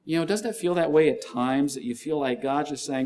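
A man's voice: a little high, brisk. A male pastor delivering a sermon in an earnest way, often repeating key lines and scripture references. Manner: acts out shouting gym trainers with a louder voice.

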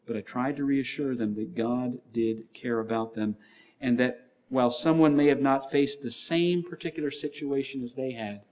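A male pastor delivering a sermon in an earnest way, often repeating key lines and scripture references. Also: mid-range voice. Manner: acts out shouting gym trainers with a louder voice.

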